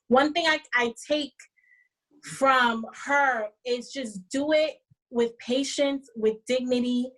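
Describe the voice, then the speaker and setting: A woman's voice: fairly high pitch, poor audio. A young woman from the Dominican Republic, speaking in a heartfelt, earnest way in a casual panel chat. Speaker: podcast co-host.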